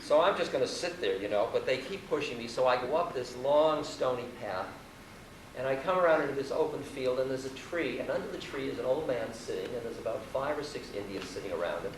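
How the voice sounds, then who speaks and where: A man's voice: medium pitch, lively intonation, a little fast. A man, telling a wry, self-mocking story to an audience at a university hall. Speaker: spiritual teacher. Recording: roomy live hall recording from far off, noisy.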